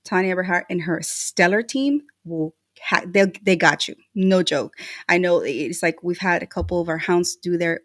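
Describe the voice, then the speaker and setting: A woman's voice: lowish voice, normal speed, no room sound, studio quality. An effusive, emotional woman co-hosting a casual live-streamed podcast, thanking sponsors in slangy, upbeat chat. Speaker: podcast co-host.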